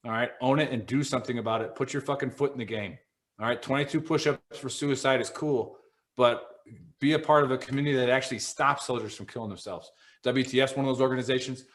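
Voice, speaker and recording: A man's voice: medium pitch, fairly even intonation, quick pace, a bit bright. A man co-hosting a veterans podcast, telling stories in a blunt, profanity-heavy, casual way. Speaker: podcast co-host.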